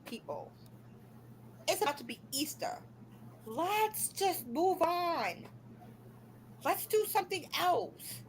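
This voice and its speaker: A woman's voice: extremely high pitch, a bit bright, slight background noise, rough recording. A woman hosting a live stream from home, scolding and ranting in an exasperated, repetitive way. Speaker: livestream host. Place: home room.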